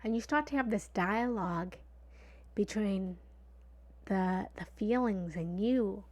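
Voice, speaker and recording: A woman giving a motivational talk in a lively, conversational way. She sometimes drops into a whisper for emphasis and repeats phrases playfully. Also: mid-range voice, slow. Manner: repetitive, playful analogies. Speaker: motivational speaker.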